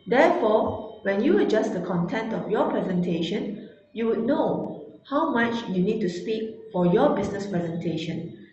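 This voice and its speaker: A woman giving an instructional talk, deliberate and emphatic, slowing down to stress key words. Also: mid-range voice, a little mellow, muffled recording. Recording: very echoey room.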